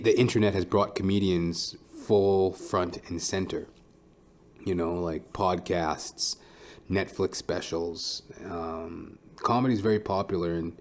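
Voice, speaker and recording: A man's voice: low-pitched, darkish tone. A man who is a stand-up comedian, hosting his own podcast in a blunt, profane, rambling monologue.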